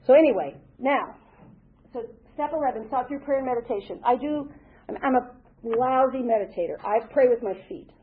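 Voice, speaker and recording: Older woman from the South, husky, earnest and rambling recovery-meeting speaker; tinny lo-fi sound. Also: on the high side. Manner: earnest, rambling, with many restarts. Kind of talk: personal share at a recovery meeting. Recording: tinny phone-like recording.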